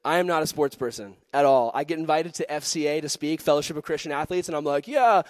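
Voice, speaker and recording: A man preaching to young people in a high, light voice. He tells stories animatedly, jumping into acted-out voices and occasional shouts. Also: fairly even intonation, fast, no room sound. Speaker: youth pastor. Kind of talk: sermon.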